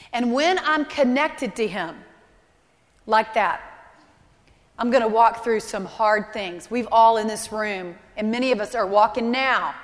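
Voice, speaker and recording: Woman in her thirties; earnest, emotional sermon with repeated phrases, high voice, reverberant church hall. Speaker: speaker at a church service. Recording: live hall with long reverb.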